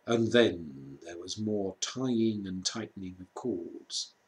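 A man reading a children's storybook aloud, slow and measured with dramatic pauses. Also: low voice, animated. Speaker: reader.

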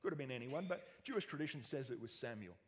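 A man with an Australian accent preaching a sermon in a church, jokey and animated with self-mocking asides. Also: medium pitch, fast, a little hiss or hum. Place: church hall. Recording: long church hall reverb.

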